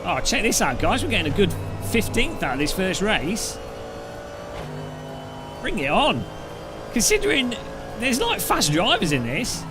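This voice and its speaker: A British man chatting his way through a sim race, his voice sitting a little higher than most men's. He rambles, jokes and slips into silly travel stories, with faint music playing softly behind him. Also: huge pitch swings, a little slow, long pauses. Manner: chatty, joking, rambling anecdotes. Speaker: sim racing streamer. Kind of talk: casual gameplay commentary.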